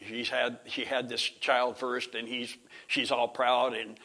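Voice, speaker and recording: Rambling, throat-clearing male Bible teacher. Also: medium pitch, level tone, measured pace, sharp tone. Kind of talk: informal classroom lecture.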